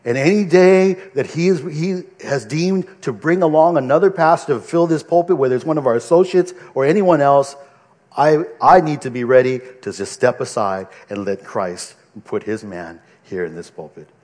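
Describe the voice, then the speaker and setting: A man's voice: mid-range voice, normal speed, darkish tone, in a large hall. A male pastor preaching a sermon from the pulpit, earnest and conversational, often restarting his sentences. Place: church pulpit.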